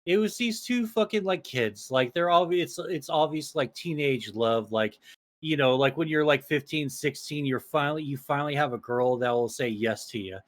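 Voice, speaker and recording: A young man with a slightly high voice chats on a podcast. He tells long stories full of swearing, restarts and fillers, and he keeps circling back to his point. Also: moderate pace. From small town. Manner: profane, rambling storytelling with many restarts. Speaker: podcast co-host. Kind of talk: casual podcast chat.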